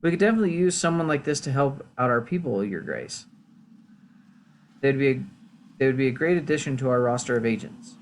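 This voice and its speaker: A man's voice: mid-range voice, animated, brisk, slight background noise, close to an everyday voice. A man reading a formal royal advisor.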